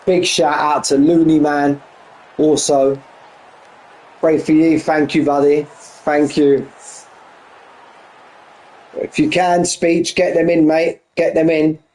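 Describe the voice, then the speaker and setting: A man commentating a sim racing league race, excitable and out of breath, firing off shout-outs. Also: on the high side, slow pace, pauses often, rough recording. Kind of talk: live esports race commentary.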